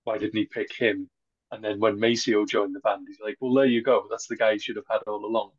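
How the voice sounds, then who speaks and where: A man's voice: on the low side, level tone, a little fast, lo-fi sound. A man co-hosting a podcast interview, offering his thoughts in casual chat, in fits and starts. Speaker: podcast co-host.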